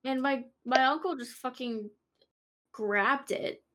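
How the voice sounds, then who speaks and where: Higher-voiced young woman, rambling. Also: slow pace, fairly bright tone, slight background noise, poor audio. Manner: rambling, repeats and restarts, swears casually. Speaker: podcast co-host. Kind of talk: casual chat.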